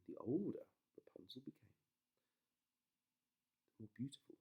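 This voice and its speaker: A father reading a bedtime story to his daughter, soft and expressive. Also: fairly low pitch, breathy edge. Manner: slow, soft, animated storytelling.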